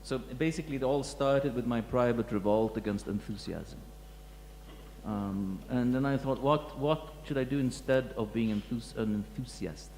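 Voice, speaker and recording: Halting man lecturing in an echoey hall. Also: mid-range voice, darkish tone. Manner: halting, many restarts and fillers, reflective. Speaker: museum curator giving a talk. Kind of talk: lecture talk to an audience. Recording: echoey hall with faint hum.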